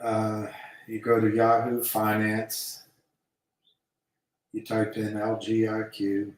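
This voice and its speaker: A man's voice: lowish voice, completely flat delivery, slow. A man hosting a live stream, rambling hesitantly with many fillers. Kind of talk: casual rambling talk. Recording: very echoey room, mic far off.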